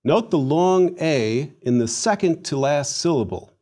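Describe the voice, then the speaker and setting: A man teaching a recorded Latin lesson, leading slow, deliberate pronunciation drills and giving emphatic, theatrical readings of Latin words. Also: a little high, lively intonation, warm tone.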